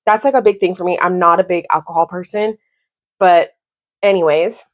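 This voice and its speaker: A woman in her thirties giving a casual, exasperated book review, talking in an animated way with lots of "like". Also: lowish voice, normal speed. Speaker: book vlogger.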